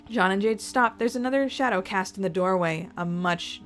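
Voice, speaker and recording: A woman giving an expressive dramatic reading of a fan-written story. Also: medium pitch, normal speed, few pauses, soft background music. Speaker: reader of fan fiction.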